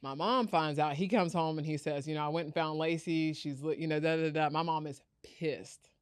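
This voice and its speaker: Woman telling a story on a podcast, does all the voices, smooth clear voice, dry close mic. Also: low-pitched, moderate pace, no room sound. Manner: animated storyteller, acts out quoted voices. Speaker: podcast guest, founder. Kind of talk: candid storytelling interview.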